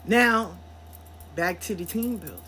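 A woman hosting a podcast, telling a story in a blunt, profane, animated way. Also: lowish voice, a little slow, slight background noise. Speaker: podcast host. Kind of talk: casual storytelling monologue.

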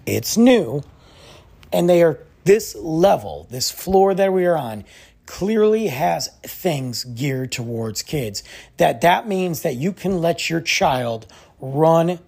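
A man's voice: a little high, creaky, darkish tone, breathy edge. A young adult man, a podcast host telling a story in a casual, exasperated way and acting out the others' lines.

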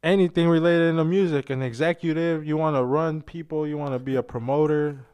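Smooth-voiced slangy young man. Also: fairly high pitch, fairly even intonation, a little fast, darkish tone. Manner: slangy and profane, peppers speech with "bro" and "dude"; loose, rambling anecdotes with restarts. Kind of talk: casual chat, storytelling.

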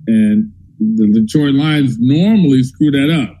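A man on a sports talk show, telling a game story in animated, casual chat and acting out the quotes. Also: medium pitch, measured pace, low-quality recording. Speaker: guest.

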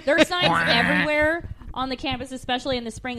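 A young adult woman co-hosting a podcast, telling stories in an animated, casual way. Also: high-pitched, fast talker, a crowd in the background. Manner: animated storyteller, acts out quotes. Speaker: podcast co-host. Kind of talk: casual chat.

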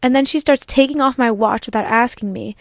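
A young woman with a somewhat high voice tells a story in a dry, close sound. She vents with animated exasperation as a podcast host and acts out her own replies. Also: fairly quick, no echo. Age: young adult. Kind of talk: casual storytelling monologue.

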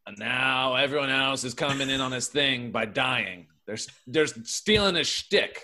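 A man playing an office worker in a comedy sketch, deadpan and matter-of-fact. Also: mid-range voice, moderate pace.

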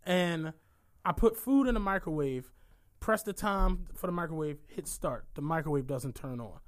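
A man, co-hosting a podcast and telling stories in an animated, profane way. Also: on the high side, moderate pace. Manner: animated, profane, laughs through his stories. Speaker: podcast co-host. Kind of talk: casual storytelling chat.

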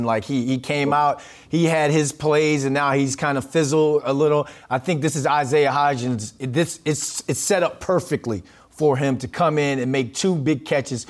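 A man hosting a sports podcast, chatting casually and closing with an upbeat scripted sign-off. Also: mid-range voice. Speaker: podcast host.

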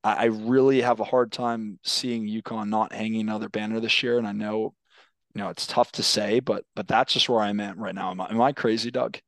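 A young podcast host talks sports in a laid-back way, his fairly low voice brisk, a bit bright, and fairly even in intonation. He speaks loosely, repeats his words often, and swears casually. There's no room sound.

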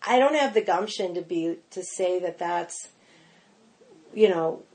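A woman's voice: lowish voice, unhurried. A woman guest on a podcast, telling stories in casual chat, full of "like" and "you know", and acting out what people said. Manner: animated storyteller, lots of "like" and "you know", acts out quotes. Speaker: guest, pastry chef.

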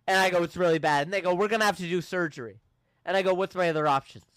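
A man hosting a podcast, telling a story casually and acting out the people in it with shouts and laughs. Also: high-pitched, very fast, smooth, no echo. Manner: animated, acts out quoted people with shouts and laughs. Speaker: podcast host.

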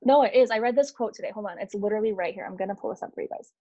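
A woman business coach talking as a podcast guest, rapid and animated, saying "like" and "literally" often. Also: mid-range voice, no room sound, muffled recording. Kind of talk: casual podcast interview.

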